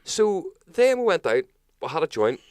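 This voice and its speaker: A man with a Northern Irish accent hosting a talk show, telling a story in an animated, sweary, casual way. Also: fairly high pitch, moderate pace, no echo, clean studio sound. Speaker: podcast host.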